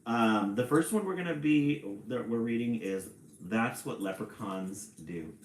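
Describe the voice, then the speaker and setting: A man reading a children's storybook on a live stream and chatting with viewers in a relaxed, chatty way. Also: medium pitch, echoey room, slight background noise, low-quality recording. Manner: slow, relaxed, chatty with small laughs.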